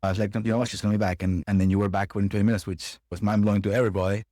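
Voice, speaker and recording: Earnest man, low voice, dry sound. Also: little pitch movement, warm tone, dry recording. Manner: earnest, halting, with restarts. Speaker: podcast co-host. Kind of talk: casual conversation.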